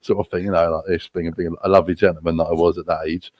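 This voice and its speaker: Low-voiced crude British storyteller man. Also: level tone, quick pace, no room sound, highs cut off. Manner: crude, profane, laughing at his own stories. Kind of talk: casual anecdote telling.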